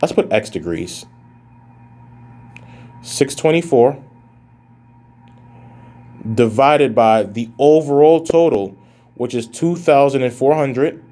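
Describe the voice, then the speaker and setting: A man's voice: mid-range voice, lively intonation, slow pace, long pauses, mellow. Casual male math professor lecturing. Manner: casual, addresses students as guys, thinks aloud while calculating. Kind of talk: recorded lecture.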